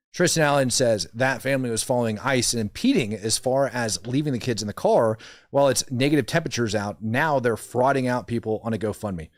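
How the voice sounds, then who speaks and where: A man's voice: medium pitch, brisk, no echo, clean studio sound. A man hosting a livestream, giving sarcastic, mocking political commentary while reacting to clips. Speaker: livestream host.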